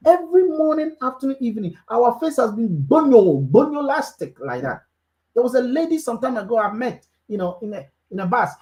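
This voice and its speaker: Lively woman giving a pep talk. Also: fairly high pitch, moderate pace. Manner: preachy, repeats key phrases for emphasis. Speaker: network marketing team leader. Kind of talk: motivational speech on a group call.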